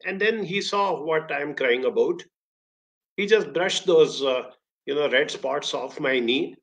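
A man's voice: a little slow, low-quality recording. Indian english guy giving a motivational talk, career counselor, tells stories expressively, voice jumps up then drops back. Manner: expressive storytelling with sudden rises in pitch and volume.

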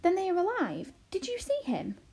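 A woman reading aloud, voicing an eager, bold tiny girl who asks excited, breathless questions. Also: sits high, a little slow, breathy edge, voice pushed up, full character voice.

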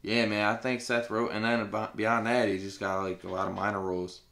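A man's voice: on the low side, level tone, fairly quick, creaky, fairly bright tone. A man co-hosting a podcast, trading blunt, profane banter in casual chat. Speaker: podcast co-host. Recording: roomy echo.

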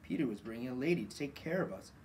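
A man's voice: medium pitch, animated, fast talker, a little mellow, recorded from a distance, slight background noise, natural voice. Young boy, blunt and scolding, close to the reader's own voice, read by a man. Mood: reproachful.

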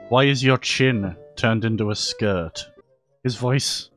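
A man's voice: on the low side, takes it slowly, fairly bright tone, soft background music. A man giving edited gameplay commentary in a sarcastic, joking way, laughing often. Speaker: gaming YouTuber.

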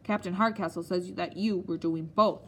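A woman's voice: fairly low pitch, fairly even intonation, normal speed, a little hiss or hum, close to an everyday voice. A woman voicing a stern elderly male headmaster who speaks in clipped, scornful commands.

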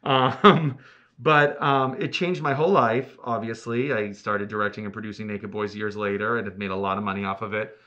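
A middle-aged man from Massachusetts, a theatre producer telling an animated anecdote as a guest, flamboyant and acting out the voices in his story. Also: lowish voice, highs cut off. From Cape Cod, Massachusetts. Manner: flamboyant storyteller, acts out quotes with big swings.

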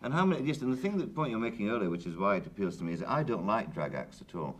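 A man hosting a talk show with a Northern English accent, asking brisk, probing questions. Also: fairly low pitch, big pitch swings. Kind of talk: interviewing. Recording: 1980 TV studio with light hiss.

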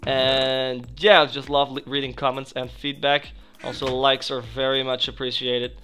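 A young man commentating a video game he is playing, chatting to viewers and yelping loudly whenever something goes wrong. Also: medium pitch, moderate pace, faint music behind. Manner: excitable, yelps and shrieks when startled. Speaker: gaming channel host. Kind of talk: let's play commentary.

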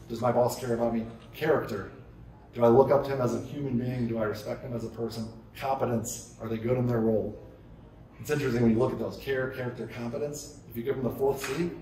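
A man delivers a conference keynote at a brisk clip, tossing rhetorical questions to the crowd. His voice rings around a large, echoey hall. The mic sits some way off. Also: mid-range voice, far from the mic. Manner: energetic, conversational, asks rhetorical questions. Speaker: keynote speaker.

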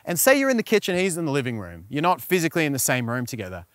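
A man's voice: on the high side, huge pitch swings, rapid-fire, dry recording, studio quality. Frank man giving dating advice. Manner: frank, coaching, checks in with "right?". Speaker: relationship advice host. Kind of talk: direct-to-camera advice vlog.

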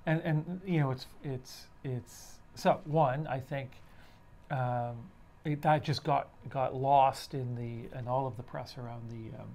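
A man co-hosting a casual discussion podcast, talking in halting runs full of restarts as he builds a point. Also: medium pitch, fairly even intonation, darkish tone. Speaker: podcast co-host.

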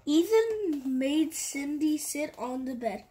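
A woman reading a picture book aloud in a careful, halting way. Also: high-pitched, lively intonation, dark tone. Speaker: storybook reader.

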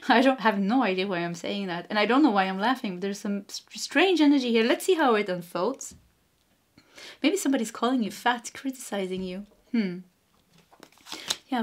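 A woman with a Swedish accent giving a casual spiritual tarot reading, meandering and giggly, gently reassuring. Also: on the high side. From Sweden. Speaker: tarot card reader.

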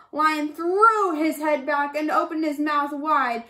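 A woman's voice: high voice, lively intonation, measured pace, hardly any pauses, bright, forceful tone. A woman reading a folk tale aloud expressively, adding sound effects. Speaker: storyteller.

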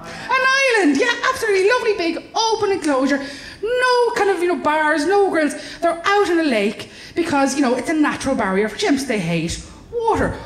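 Animated Irish woman doing stand-up. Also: very high-pitched, fairly quick. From Ireland. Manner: animated, exaggerated, sweary. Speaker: stand-up comedian. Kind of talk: stand-up comedy. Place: comedy club stage. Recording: roomy live venue.

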